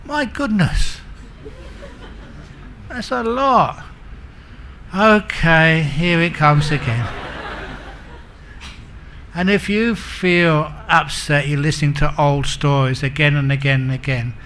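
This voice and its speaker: Slow, bright-voiced storytelling monk. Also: male voice, on the high side, fairly even intonation, slight background noise. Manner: storytelling, chuckles at his own jokes. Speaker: Buddhist monk teacher. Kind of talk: humorous dharma talk.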